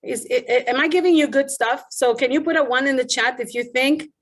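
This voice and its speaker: A middle-aged woman with a high, slightly quick voice coaches public speakers in an online presentation. She tells stories with animation and poses rhetorical questions.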